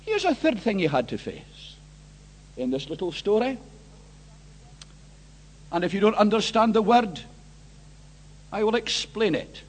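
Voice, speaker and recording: A man's voice: high-pitched, big pitch swings, measured pace, pauses often. A man preaching an evangelistic sermon, earnest and emphatic, repeating key phrases and questioning his listeners directly.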